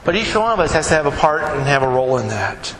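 High-voiced pastor preaching in an echoey hall. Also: male voice, sing-song, quick pace. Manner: conversational preaching with quoted dialogue, emphatic rising peaks. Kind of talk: sermon. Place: church sanctuary. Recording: echoey hall, background noise.

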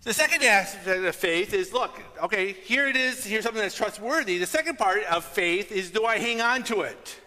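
Bright-voiced man preaching in an echoing hall. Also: high voice, expressive, normal speed, few pauses. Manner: conversational, checks in with "right?" often. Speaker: pastor. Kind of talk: sermon.

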